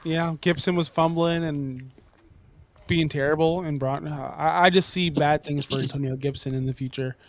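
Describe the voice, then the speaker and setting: A man's voice: a little high, moderate pace. A man hosting a sports podcast, joking and leading the casual talk with his co-host and guest. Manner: lively, joking, leads the talk.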